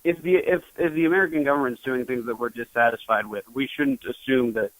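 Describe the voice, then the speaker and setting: A young journalist speaks as a guest on an interview show, halting and restarting as he thinks. His voice sits in a middle range. The recording is dry and close. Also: mid-range voice, fairly even intonation, dry recording, low-quality recording. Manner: hesitant, full of restarts. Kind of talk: interview conversation.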